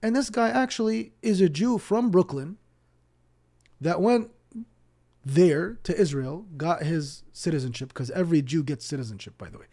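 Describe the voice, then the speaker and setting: A man from Palestine's West Bank, a guest on a podcast, telling stories in an animated way and acting out the people in them. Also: a little high, normal speed. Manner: animated, acts out dialogue, repeats words when starting sentences. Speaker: podcast guest, Islamic teacher. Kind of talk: casual storytelling interview.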